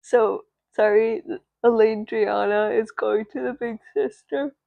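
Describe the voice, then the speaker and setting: A woman's voice: fairly high pitch, fairly even intonation, slow pace, gravelly, dry recording, phone-quality sound. A sleepy woman narrating a doll story on a live stream, rambling and chatting with viewers. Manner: rambling, with restarts and asides to viewers.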